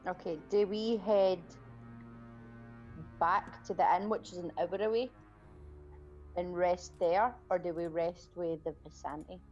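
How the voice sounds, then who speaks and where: A woman's voice: lowish voice, unhurried, pauses often, a little mellow. A woman player chatting casually at a tabletop game, giggly and talkative. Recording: dull lo-fi mic with faint music.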